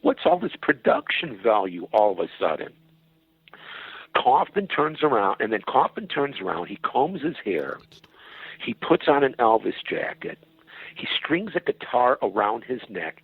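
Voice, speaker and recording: A man telling an anecdote as a podcast guest, animated and profane and acting out voices. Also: lowish voice, vocal fry, breathy edge, dry recording. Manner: animated, profane storyteller who acts out voices. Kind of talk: storytelling anecdote. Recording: dull, dry lo-fi.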